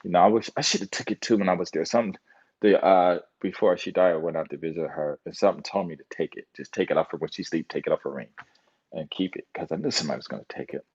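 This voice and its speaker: The dull lo-fi clip features an American man whose low voice is a little mellow with a breathy edge. He talks fast, meandering from thought to thought and leaning on fillers.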